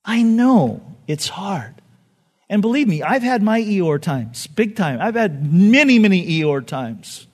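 A male pastor preaching a sermon with passion, firing rhetorical questions and dropping soft and low on key phrases. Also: very animated, slow.

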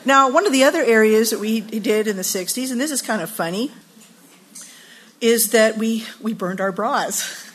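A woman's voice: fairly high pitch, moderate pace, a bit bright, breathy edge. A woman in her sixties speaking at a women's retreat, telling funny stories with laughter and then teaching scripture earnestly. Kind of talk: storytelling sermon.

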